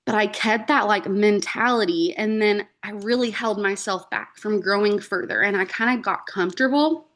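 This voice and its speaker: A woman speaking over a video call, telling her own story in a loose, chatty way. Her pitch sits in a middle range, and she fills her speech with "like" and "um." She slips into the voices of her past self when she quotes them. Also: normal speed, hardly any pauses, fairly bright tone. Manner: chatty, frequent "like" and "um", acts out quoted dialogue. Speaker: guest speaker. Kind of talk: casual personal story on a team call.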